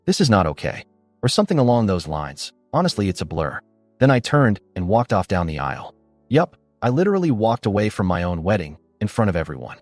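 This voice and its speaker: A man giving scripted first-person narration of a story in a steady, animated storytelling delivery. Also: fairly low pitch, no echo. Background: faint background music.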